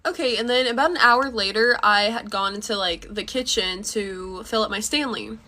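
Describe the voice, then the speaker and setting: A woman's voice: mid-range voice, moderate pace, pushed and bright. A young woman casually telling a storytime, chatty, full of fillers and swearing freely.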